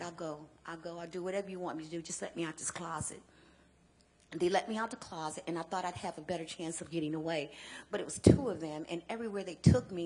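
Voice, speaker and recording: A woman from Chicago speaks at a mid pitch, recounting her past as a personal testimony. She tells it earnestly, with emphatic repeats and halting restarts. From Chicago, United States. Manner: earnest storytelling with emphatic repetition; halting restarts when emotional. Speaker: guest speaker and advocate.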